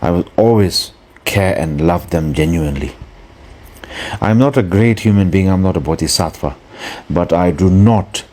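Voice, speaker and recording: A man with a very low, deep voice gives a Buddhist dharma talk. He speaks earnestly, pausing to hunt for the right word and circling back on his phrases. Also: dark tone. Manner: earnest and searching for words, with pauses. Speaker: Buddhist teacher.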